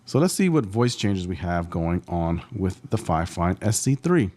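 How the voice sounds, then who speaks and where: A man's voice: deep voice, big pitch swings, normal speed, darkish tone. A man casually reviewing a voice changer, chatty and self-deprecating, into a studio microphone. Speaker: gear reviewer. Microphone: studio mic with XLR interface.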